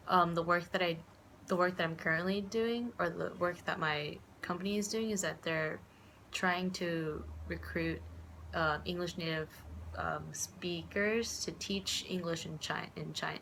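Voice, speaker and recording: A woman's voice: lowish voice, gravelly, a bit bright, slight background noise. A young woman from the United States rambling casually in a vlog, full of fillers and restarts, acting out the voices of people she quotes. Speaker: vlogger.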